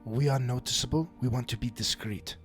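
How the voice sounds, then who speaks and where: A man playing a halting, earnest male spellcaster. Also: mid-range voice, faint music behind, close to an everyday voice. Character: earnest male arcane caster, practical.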